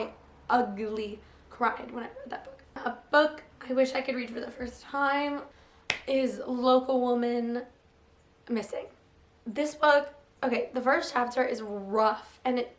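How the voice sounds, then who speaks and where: A young woman talks casually about books in a somewhat high voice, hoarse as it recovers. She is chatty and peppers her talk with "like." The room gives her voice a noticeable echo. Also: pushed and bright. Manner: chatty, lots of "like" fillers. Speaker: book vlogger. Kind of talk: casual chat. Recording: roomy echo.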